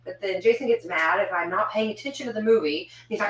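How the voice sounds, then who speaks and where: A woman's voice: mid-range voice, quick pace. Chatty woman, roomy and off-mic. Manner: chatty, laughs often, trails off into quiet asides. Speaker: podcast co-host. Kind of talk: casual chat. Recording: roomy sound from a distance off the mic.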